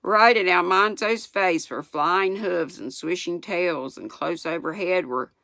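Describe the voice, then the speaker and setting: Slow, gravelly older woman reading aloud. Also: lowish voice, pushed and bright, no echo. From United States. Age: 60s. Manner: unhurried, chuckles at the story. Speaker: storyteller. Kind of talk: reading a children's book aloud.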